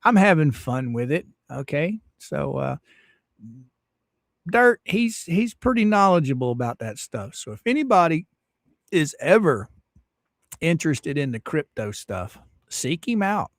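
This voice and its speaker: Animated, chatty male livestream host. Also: a little high, measured pace, gravelly, dry recording, studio quality. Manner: chatty, laughs often, animated rises. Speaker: livestream host reading chat. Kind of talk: casual livestream chat. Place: home streaming setup.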